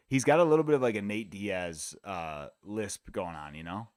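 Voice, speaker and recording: A man's voice: on the low side, normal speed, dry recording, studio quality. A man from the United States hosting a live fight watch-along stream, talking in a laid-back, rambling, profane way. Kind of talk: casual chat.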